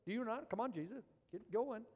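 A man's voice: very high voice, animated, fairly quick, a little mellow, long reverb tail, pitched above the performer's own voice. A man voicing an impatient, exasperated busy woman who scolds and pleads, raised and urgent.

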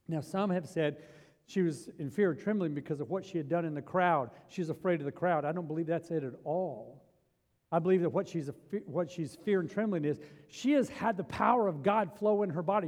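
A middle-aged man preaching a sermon as pastor, swinging from hushed, intimate storytelling to loud, rising emphasis. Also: fairly high pitch, normal speed. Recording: reverberant hall.

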